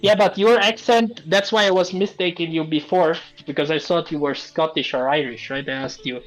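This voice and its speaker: A man's voice: a little high, normal speed, soft background music, poor audio. A man hosting a casual live stream, chatting and joking with his guests. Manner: chatty, laughs often, jokes with guests. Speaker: stream host.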